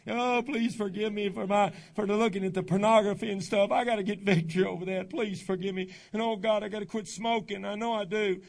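A man's voice: extremely high pitch, animated, moderate pace, vocal fry, long pauses, breathy edge, pitched above the performer's own voice, exaggerated voice. A man playing a remorseful teenage boy praying. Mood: pleading. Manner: pleading, loud and fervent.

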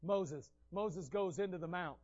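A man preaching a sermon, telling the scriptural stories in an animated way and acting out the scenes. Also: high voice, a little slow, dull audio.

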